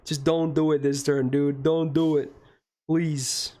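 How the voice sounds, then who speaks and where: A man's voice: on the high side, little pitch movement, slow, mellow. A man streaming a game live, talking casually to his chat and getting frustrated, swearing and ranting about the game.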